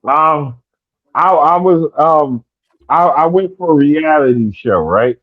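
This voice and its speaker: A man's voice: fairly high pitch, animated, slow pace. A man on a casual podcast, telling a personal story with many stammered restarts. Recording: dull lo-fi sound.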